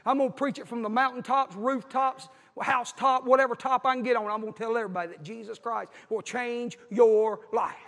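A man's voice: extremely high pitch, fairly even intonation, brisk, hardly any pauses, a bit bright. A man preaching a fervent, folksy sermon and calling out to his congregation. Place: church with a congregation. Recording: echoey hall.

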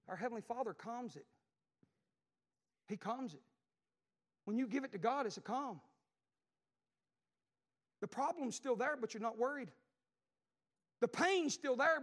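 High-pitched Southern preacher, lively delivery. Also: male voice, normal speed, long pauses. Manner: storytelling, repeats phrases, swings from loud to hushed. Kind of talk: Southern revival sermon.

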